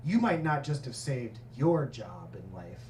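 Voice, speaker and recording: A man doing an impression of an older male movie mogul, speaking in low, clipped, dramatic pronouncements. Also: very animated, measured pace, darkish tone, a little hiss or hum. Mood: commanding. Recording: roomy club recording from far off with crowd laughter.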